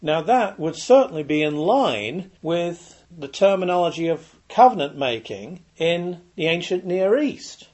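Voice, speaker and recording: A man's voice: on the high side, a little mellow, husky. A man giving an emphatic Bible lecture, reading ancient treaty texts and scripture and repeating key points for stress. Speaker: Bible teacher.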